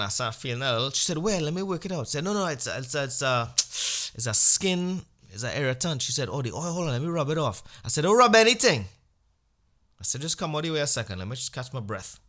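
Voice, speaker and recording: Man, podcast host, crude comic storyteller, bright voice, animated. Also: quick pace. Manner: animated storyteller, acts out exchanges with sudden jumps in pitch and volume; blunt and crude.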